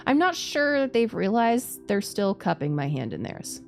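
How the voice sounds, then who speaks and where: Woman streamer, reads game story aloud, lively pitch, quick playful asides, faint music behind. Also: gravelly. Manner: animated, laughs often, playful asides. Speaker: VTuber streamer. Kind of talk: reading a game's story aloud with live commentary.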